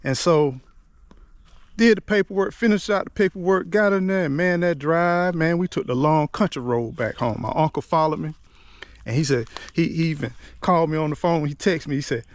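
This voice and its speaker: A man's voice: fairly high pitch, normal speed, dry recording. A middle-aged man telling a personal story to the camera, chatty and loose, often dropping in "man" and restarting his words as he remembers. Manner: conversational, drops in "man" and "you know what I'm saying" often; repeats and restarts words as he recalls. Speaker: motivational vlogger.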